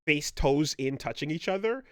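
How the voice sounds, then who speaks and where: Animated swearing man telling stories. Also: fairly high pitch, normal speed, no echo, clean studio sound. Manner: animated storyteller, swears freely, yells quoted voices. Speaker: podcast co-host. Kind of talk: casual chat, storytelling.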